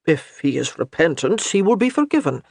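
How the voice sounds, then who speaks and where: A man reading as a kindly old Highland priest who reassures with light humor. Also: very animated, normal speed, creaky, a little mellow, no room sound, studio quality, heavily acted. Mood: reassuring.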